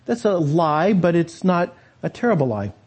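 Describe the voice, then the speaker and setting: A man's voice: fairly high pitch, sing-song, moderate pace, darkish tone, breathy edge. A man preaching a sermon as pastor, talking conversationally and turning to the congregation with rhetorical asides.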